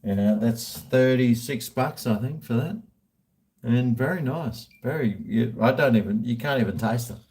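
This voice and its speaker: A man's voice: medium pitch, measured pace, darkish tone. A middle-aged Australian man chatting casually, rambling and joking crudely. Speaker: vlogger answering viewer questions. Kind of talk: casual chat.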